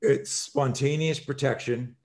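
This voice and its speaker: A man in his sixties, a self-defense instructor, telling stories in an energetic conversational way, acting out scenes with sudden shouted exclamations and frequent swearing. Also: medium pitch, a little slow. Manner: energetic, emphatic, rambling explanations. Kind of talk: animated conversational storytelling.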